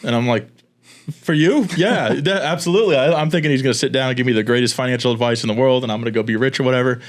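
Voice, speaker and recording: A man from Florida hosting a casual podcast, telling stories quickly with frequent laughs. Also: mid-range voice, steady tone. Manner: fast, laughing storyteller. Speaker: podcast host.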